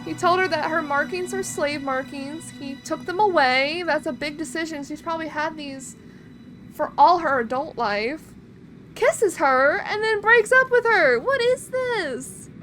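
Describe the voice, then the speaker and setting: A woman streamer giving casual let's-play commentary, excitable and swearing, reacting with gasps. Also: sits high, measured pace. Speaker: gaming streamer. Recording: game music in the background.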